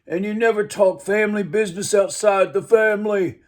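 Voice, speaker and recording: A man voicing a hard military commander who acts like a domineering mafia boss, in a put-on mob-boss voice that keeps climbing high. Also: fairly even intonation, moderate pace, close to an everyday voice. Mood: menacing boss.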